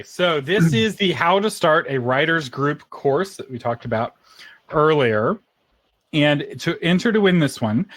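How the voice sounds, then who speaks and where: A man's voice: on the high side, a bit bright, no echo. A man co-hosting a live podcast episode, chatting casually and laughing often. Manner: chatty, laughs often, eats ice cream on air. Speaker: podcast co-host.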